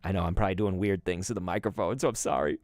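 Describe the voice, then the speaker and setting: A man's voice: sits low, racing, darkish tone, no echo, studio quality. A man hosting a card-opening video, chatting casually in a rambling, nostalgic way with many asides to viewers. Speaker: YouTube host opening collectible cards. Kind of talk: casual chat.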